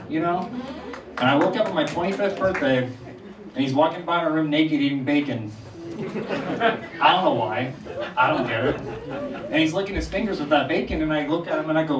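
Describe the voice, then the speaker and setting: A young man performing a stand-up comedy set on a small theater stage, telling animated stories and firing off incredulous questions. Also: fairly high pitch. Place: small theater stage before a live audience. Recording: distant roomy mic with crowd laughter.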